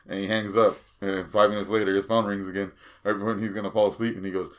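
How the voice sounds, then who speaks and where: A man's voice: fairly low pitch, level tone, fast. A man hosting a casual podcast chat, telling long rambling anecdotes full of fillers and swearing. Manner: rambling storyteller, swears freely, many fillers.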